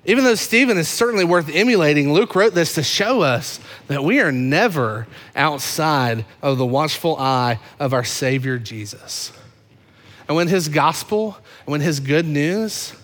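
A man with a notably high voice delivers an impassioned sermon as pastor of a church. He swings between loud emphasis and hushed, low passages. His voice rings with the long reverb of a large sanctuary.

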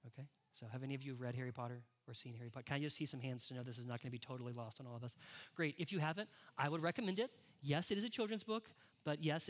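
Fields: Sex: man. Role: pastor. Style: conversational sermon. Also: mid-range voice. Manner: conversational, addresses the congregation directly.

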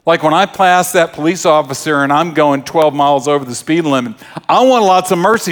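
Joking pastor with a raised voice. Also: male voice, on the high side, a little fast, a bit bright. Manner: conversational, joking storyteller. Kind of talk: sermon.

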